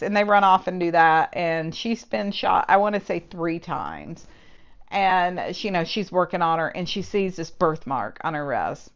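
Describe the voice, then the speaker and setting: A woman's voice: mid-range voice, clear, resonant tone, muffled recording. A woman giving a casual book review, sarcastic and exasperated as she picks apart plot holes.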